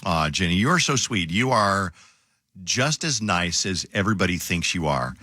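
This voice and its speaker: A man's voice: low-pitched, sing-song, normal speed, pushed and bright, no echo, studio quality. A man hosting a radio morning show, bantering casually on air in a jokey, teasing way. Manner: jokey, teasing, self-mocking. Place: radio studio. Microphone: studio microphone.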